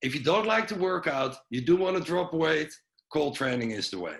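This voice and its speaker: A man's voice: a little high, big pitch swings, normal speed, a bit bright, rough recording. A man giving an informal health presentation on a video call, loose and chatty with lots of fillers and restarts. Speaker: webinar presenter.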